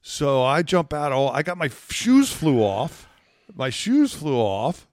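A man, a podcast guest, telling a wild personal story in an animated, profane way. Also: fairly high pitch, measured pace, no room sound, studio quality. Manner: profane, excitable, acts out dialogue. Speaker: guest, former combat controller.

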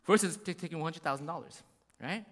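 A man preaching a sermon, animated and full of rhetorical questions, acting out little voices as he goes. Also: fairly high pitch, fast, in a large hall. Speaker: pastor.

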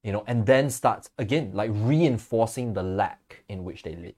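A man's voice: lowish voice, normal speed. A man co-hosting a podcast, chatting casually, telling stories and acting out quotes with easy laughs. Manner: relaxed storytelling, laughs easily, acts out quotes. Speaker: podcast co-host.

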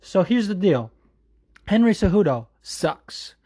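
A man giving a heated, profane opinion rant as a fight commentator, talking quickly and calling the listener "dude" over and over. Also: high-pitched, slightly rough. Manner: profane, fired-up, says "dude" a lot; quick, animated delivery. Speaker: MMA commentator.

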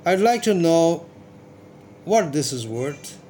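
A man's voice: a little high, big pitch swings, slow pace, mellow, a little hiss or hum. A man reading the part of a poor widowed clerk, hesitant and stammering, in a slightly raised voice. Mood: bewildered. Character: poor widowed male clerk, bewildered and anxious.

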